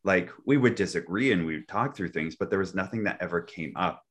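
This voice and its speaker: A man hosting a casual chat, telling a personal story with lots of "like" fillers and an expressive delivery that swings from quiet to loud. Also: low-pitched, a little fast. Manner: heavy use of filler "like".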